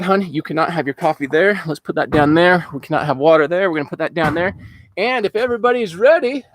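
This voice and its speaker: A man's voice: a little high, no room sound. A man hosting a casual live-stream auction, talking in an upbeat, rambling way with lots of fillers. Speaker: livestream auction host. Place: outdoors at home after rain.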